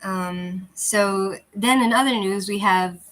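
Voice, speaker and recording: A woman's voice: medium pitch, takes it slowly, a bit bright, rough recording. Woman, casual livestream host, rambling, chatty, restarts a lot, lousy cheap microphone. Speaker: channel host chatting with viewers.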